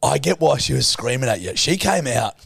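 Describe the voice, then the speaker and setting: A man's voice: mid-range voice, brisk, creaky, slightly rough, no room sound. A young man co-hosting a podcast, telling a story in casual banter and swearing freely. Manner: swears a lot, animated storytelling. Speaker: podcast co-host.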